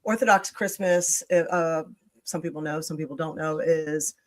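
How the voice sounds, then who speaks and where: A woman's voice: low voice, steady tone, moderate pace. A woman hosting a live-streamed talk show, speaking conversationally with many fillers and checking in with her guests. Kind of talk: casual live-stream interview.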